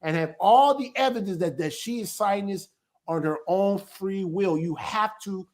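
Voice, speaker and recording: Male ministry elder with a high voice, informal and emphatic, teaches by asking rhetorical questions and answering them. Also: moderate pace, a little mellow.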